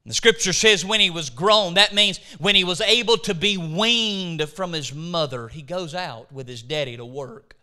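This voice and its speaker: High bright-voiced male preacher. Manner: dramatic storytelling with emphatic slow stresses; retells scripture scenes in acted quotes. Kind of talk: sermon.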